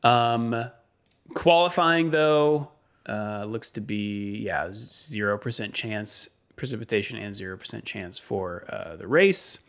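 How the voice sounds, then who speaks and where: A man co-hosting a motorsport podcast, reading weather and standings in a steady way with frequent ums and uhs. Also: on the low side, slow. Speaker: podcast co-host.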